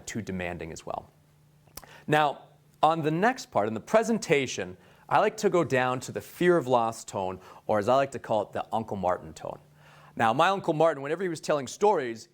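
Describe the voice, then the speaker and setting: A young adult man giving an energetic sales training talk, jumping between bright high delivery and low hushed tones. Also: moderate pace. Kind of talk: instructional talk to a sales team.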